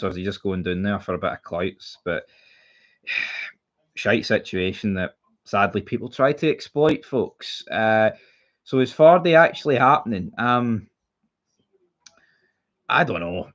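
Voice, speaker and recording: Ranting heatedly about football on a casual stream, a young Scottish man speaks bluntly, swears freely and keeps repeating himself. His fairly low, fairly bright voice is a little slow and pauses often. The highs in the recording are cut off.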